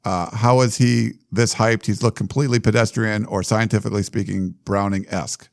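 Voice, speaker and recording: A man co-hosting a sports podcast in casual chat, reading listener questions out loud with loose asides. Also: lowish voice, fairly even intonation, fairly quick, gravelly, no echo, studio quality. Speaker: podcast co-host.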